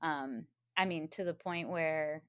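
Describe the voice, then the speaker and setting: A woman with a fairly low voice co-hosts a laid-back film review chat. She talks conversationally and hedges with asides, and the sound is dry and close to the mic. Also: slow pace, fairly bright tone, no room sound, dull audio. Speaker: podcast co-host.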